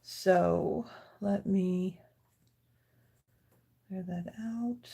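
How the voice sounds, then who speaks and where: A woman's voice: on the low side, very slow, vocal fry, mellow, husky. A woman hosting a live card-making stream, chatting casually with viewers and talking them through her table as she tidies up. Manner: chatty, thanks viewers by name, talks while tidying her desk. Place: home craft studio.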